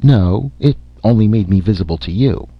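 A man's voice: lowish voice, animated, normal speed, slightly rough, dry recording, highs cut off. A man voicing a small, spiteful male conscience spirit who mocks and sneers, in an audiobook reading. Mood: smug. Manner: sneering, scornful.

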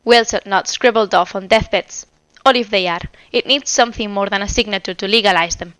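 A woman narrator puts on a proud man with a fiery temper, reined in to cold, cutting words. The voice stays smooth and close, in a dry sound. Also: mid-range voice, a little fast, fairly bright tone, no echo, close to an everyday voice. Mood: accusing.

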